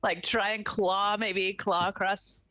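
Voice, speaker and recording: A woman's voice: medium pitch, level tone, slow, bright, forceful tone, dry recording, rough recording. A woman playing a tabletop game, talking in a playful, gleeful way. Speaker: player. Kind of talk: casual tabletop role-play.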